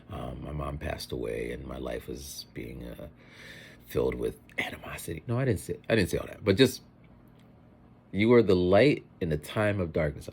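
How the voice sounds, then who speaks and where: Deep husky guy rambling casually on his vlog, voice swings up and down a ton. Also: slight background noise. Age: adult with children. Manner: rambling, animated, mimics other people's voices in quotes. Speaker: vlogger. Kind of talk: casual eating vlog monologue. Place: home, eating a meal.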